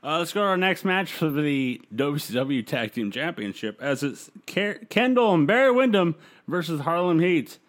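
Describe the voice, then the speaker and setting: A man's voice: fairly high pitch, sing-song, normal speed. A man casually recapping a wrestling show on a podcast, rambling with fillers. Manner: loose, rambling recap with fillers and quoted voices. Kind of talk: casual chat, play-by-play recap.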